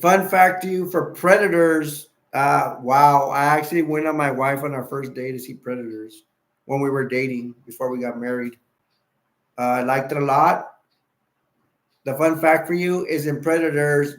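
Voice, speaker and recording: Guy hosting a stream, kinda raspy, rambles and jokes around a lot. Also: fairly high pitch. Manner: rambling, playful, laughs easily. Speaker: livestream host. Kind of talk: casual live stream chat.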